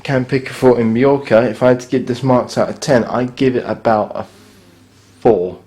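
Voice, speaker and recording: Here a man gives a casual spoken review of his hotel room as he films it handheld, his medium-pitched voice steady and a little mellow at a normal speed. He gripes about broken fittings in a blunt, slightly sarcastic, offhand manner.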